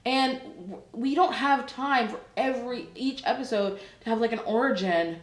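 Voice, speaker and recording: A woman's voice: on the high side, moderate pace. A woman on a podcast panel, talking animatedly and filling her talk with "like" and restarts. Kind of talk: casual podcast discussion. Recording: echoey room.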